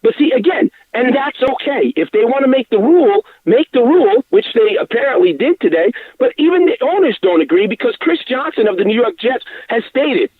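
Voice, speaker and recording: A man's voice: very high-pitched, a little fast, hardly any pauses, husky, no room sound. Tinny-sounding man arguing on a phone line. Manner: argumentative, lively, restarts to make his point. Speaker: caller. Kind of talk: heated sports debate by phone.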